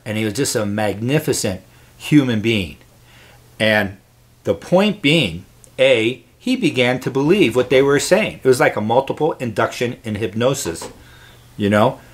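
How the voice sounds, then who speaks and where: Earnest rambling man talking to camera. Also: mid-range voice. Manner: earnest and rambling, with frequent restarts. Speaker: host. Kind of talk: casual spiritual monologue to camera.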